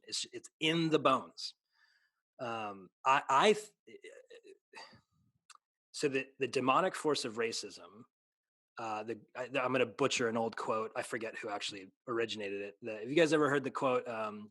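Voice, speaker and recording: A man's voice: medium pitch, moderate pace, pushed and bright, no echo. A man who is a pastor in a casual conversation, speaking earnestly, restarting sentences and slipping into a preaching cadence. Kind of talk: casual chat.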